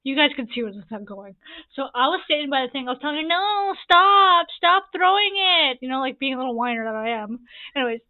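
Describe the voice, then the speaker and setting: A woman in her early twenties telling rambling sibling stories over gameplay, repeating herself and adding quick asides. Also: high-pitched. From Canada. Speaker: gaming YouTuber. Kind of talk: casual storytime over gameplay. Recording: tinny phone-like audio.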